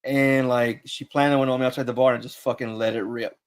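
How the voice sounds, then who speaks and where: A man's voice: mid-range voice, level tone, a little fast, clean tone. A man in a casual chat, telling stories with frequent restarts and swearing. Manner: rambling, swearing, many restarts.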